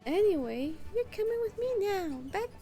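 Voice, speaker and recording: A woman doing a squeaky, bubbly young inventor. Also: very animated, warm tone, soft background music, heavily acted. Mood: excited. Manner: bubbly, bossy and fast-talking.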